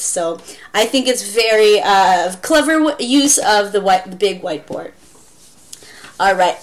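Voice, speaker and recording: A woman's voice: a little high, fairly bright tone. A woman who teaches English online, giving a chatty how-to tutorial with playful demonstrations. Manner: chatty, demonstrates with exaggerated gasps and wows.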